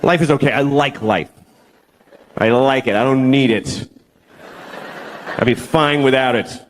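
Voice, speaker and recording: Deadpan man in his forties doing dark stand-up. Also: medium pitch, a little slow, a little hiss or hum. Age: 40s. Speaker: stand-up comedian. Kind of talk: stand-up comedy. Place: stage in a comedy venue.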